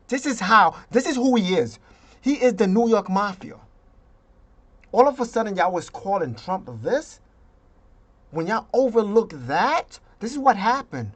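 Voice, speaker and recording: An indignant vlogger ranting about politics at a slow, deliberate pace. The delivery is emphatic and jumps between loud outbursts and quieter asides, and the speaker slips into mocking voices now and then. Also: mid-range voice, lively intonation. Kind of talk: political rant.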